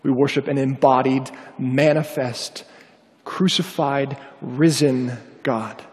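Taking his time, a man with a mid-range voice preaches while a long reverb lingers after his words. He narrates something that happened to him, lively and acting out each quoted voice.

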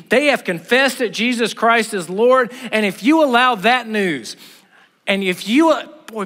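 Middle-aged man, sermon, emphatic and blunt, high voice, long hall reverb. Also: fairly bright tone. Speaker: preacher.

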